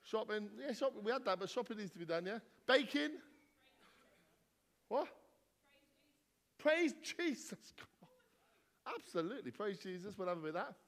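Brief: male vicar, high bouncy voice, jokey crowd banter, long church-hall reverb. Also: animated, normal speed, long pauses, fairly bright tone. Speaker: vicar leading a church gathering. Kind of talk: playful banter with the congregation.

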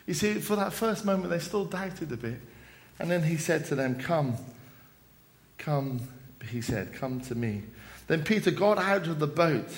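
A man giving an evening sermon at a church service, retelling a story with dramatic rises and falls and quoted lines. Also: a little high. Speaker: preacher.

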